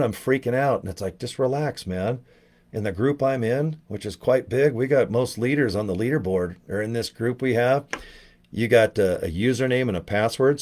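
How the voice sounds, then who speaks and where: A man's voice: mid-range voice, a little mellow. A middle-aged man promoting network marketing in a casual motivational video, talking in a loose, rambling way with frequent swearing and restarts.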